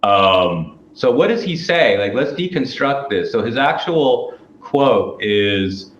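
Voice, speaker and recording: A man's voice: medium pitch, big pitch swings, takes it slowly, crowd noise. A man guesting on a casual political talk show, arguing his points emphatically and swearing now and then. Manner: emphatic, argumentative, profane. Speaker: guest commentator. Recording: echoey, dull, lo-fi, faint background noise.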